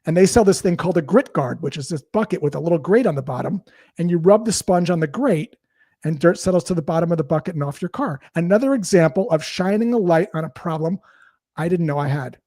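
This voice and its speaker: A fairly high-voiced man, a guest in a conversational interview, walks through sales ideas using stories and role-played exchanges at a quick pace. The recording is dry, nearly free of echo.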